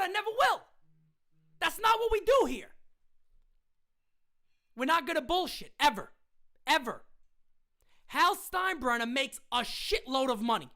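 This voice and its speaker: A woman hosting a fan live stream, ranting in a fiery, profane way, often shouting and repeating lines for emphasis. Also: very high voice. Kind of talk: heated live-stream rant.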